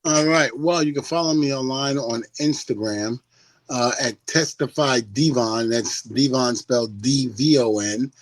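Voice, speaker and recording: A man's voice: mid-range voice, a little slow, no echo, poor audio. A middle-aged man on a podcast, talking casually and animatedly, laughing and mimicking people as he tells stories. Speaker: podcast guest.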